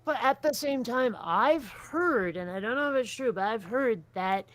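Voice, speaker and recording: A woman's voice: a little high, expressive, moderate pace, dry recording. Sleepy sarcastic woman chatting, kinda blunt, dry close mic. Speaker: guest. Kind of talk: casual chat.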